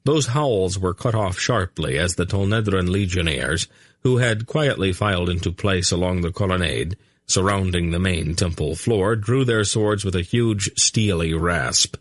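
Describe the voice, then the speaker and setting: A man reading fantasy fiction aloud as an audiobook narrator, measured and deliberate. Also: low-pitched, no echo, studio quality. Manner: slow, measured reading with character voices. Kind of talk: scripted narration.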